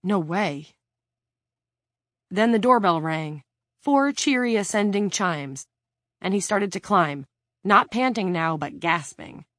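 A woman reading a novel aloud in steady, measured storytelling narration. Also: mid-range voice, dry recording, studio quality. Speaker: audiobook narrator. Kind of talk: scripted narration.

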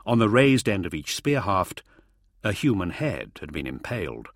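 A man's voice: deep voice, very animated, moderate pace, no echo, studio quality. A man narrating a fantasy audiobook with vivid, dramatic storytelling.

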